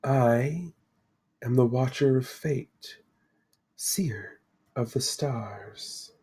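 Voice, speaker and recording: A man puts on a serene, ancient spirit woman who speaks in slow, solemn pronouncements. Her voice is soft and a little husky. She sounds calm and cryptic, as if she already knows the outcome. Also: medium pitch, exaggerated voice.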